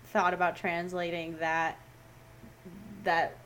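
A woman's voice: on the low side, monotone, slow pace, a bit bright. A young woman co-hosting a podcast, talking candidly and rambling, swearing casually. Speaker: podcast co-host. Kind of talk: casual chat. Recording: faint background noise, lo-fi podcast audio.

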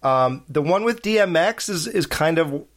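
A man's voice: on the high side, animated, moderate pace, a bit bright. A man in casual movie chat with friends, rambling and laughing often.

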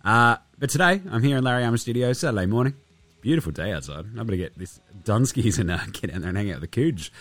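A man's voice: fairly low pitch, expressive, fast, a bit bright, no echo. An Australian man with a nasally, under-the-weather voice, hosting a podcast in a studio in a jokey, rambling, self-mocking way. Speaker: podcast host. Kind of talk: casual chat.

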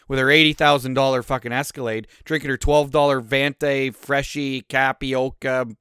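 A man delivers a solo podcast rant, cursing freely and jumping from loud outbursts to quieter grumbling. His voice sits a little higher than most men's. The recording is close and dry, with no room sound around it. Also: no echo. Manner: profane, angry ranting with swings in volume. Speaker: podcast host.

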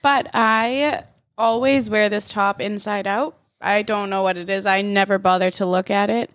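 A woman's voice: mid-range voice, fairly even intonation, normal speed, a bit bright, no echo, clean studio sound. Giggly, laid-back young woman. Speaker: podcast co-host. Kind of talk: casual chat.

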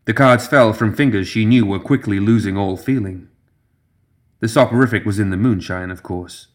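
A man reading a dark fantasy story aloud in measured, even scripted narration. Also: lowish voice.

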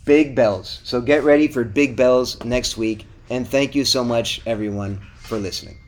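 A man's voice: medium pitch, normal speed, slight background noise. A middle-aged man co-hosting a podcast, wrapping up the episode in a casual, upbeat way and pleading with listeners to vote and leave reviews. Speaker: podcast co-host.

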